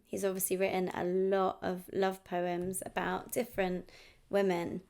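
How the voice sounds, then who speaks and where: A woman's voice: on the low side, vocal fry, a little mellow. A woman poet with an English accent, reading poems aloud and introducing them in a reflective, casual way. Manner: reflective, unhurried delivery with casual asides. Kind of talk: poetry reading with chatty introductions.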